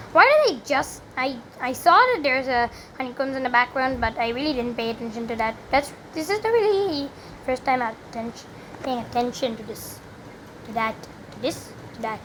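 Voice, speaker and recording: Young woman, high-pitched, chatty game commentary, rambling, faint background noise. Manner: chatty, rambling, exclaims loudly when she fails. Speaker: gaming commentator. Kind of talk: live gameplay commentary.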